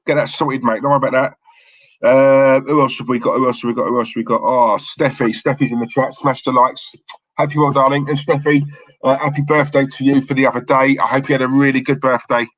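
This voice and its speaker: A young man with a London-Essex accent hosts a casual livestream, answering chat messages in a laddish, joking way. His voice sits at an ordinary middle pitch. The sound is dry and close, with no room echo. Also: steady tone, a little fast. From London area, England. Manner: laddish, jokey, says mate a lot. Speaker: livestream co-host reading chat.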